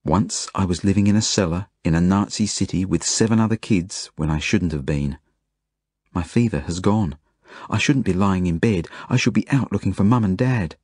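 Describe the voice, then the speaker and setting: A man's voice: deep voice, moderate pace, darkish tone, slightly rough, no echo. A man narrating a children's novel in the first person, in an earnest, plain storytelling manner. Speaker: audiobook narrator.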